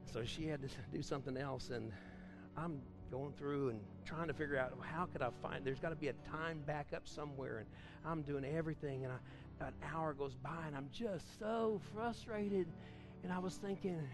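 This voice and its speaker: A man preaching a sermon at a church service, fervent, swinging between loud outbursts and quiet storytelling. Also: a little high, moderate pace, music in the background. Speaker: pastor.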